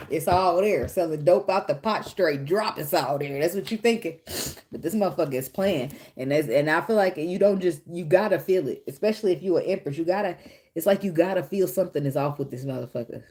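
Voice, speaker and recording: A woman's voice: low voice, warm tone. A woman giving a casual tarot reading, blunt and profane, who laughs often and talks straight to the viewer. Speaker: tarot reader.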